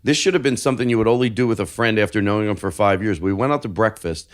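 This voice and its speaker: A man's voice: fairly low pitch, fast talker. Fields: Sex: man. Role: podcast co-host. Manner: rambling anecdotes. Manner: rambling, self-interrupting. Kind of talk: casual chat, storytelling.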